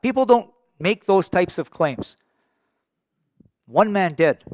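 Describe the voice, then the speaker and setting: A man preaching a sermon, his voice a little high for a man and recorded dry and close. He speaks earnestly and haltingly, with many restarts, and builds to emphatic rhetorical questions. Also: no echo.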